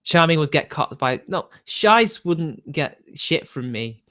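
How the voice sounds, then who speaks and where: A man live-streaming and answering his chat in a rambling way, quickly getting riled and swearing. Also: on the high side, very animated, pushed and bright.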